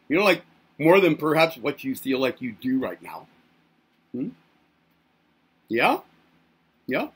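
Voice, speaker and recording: A man's voice: high-pitched, fairly bright tone, husky. A man hosting a self-help channel, speaking in a playful monologue to camera as if to babies. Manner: teasing, talks as if to babies.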